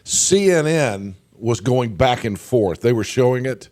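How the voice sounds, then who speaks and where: A male morning radio host, hoarse from a cold, chatting casually and rambling with many fillers. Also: mid-range voice, expressive, a little slow, a little mellow. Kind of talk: casual morning show banter.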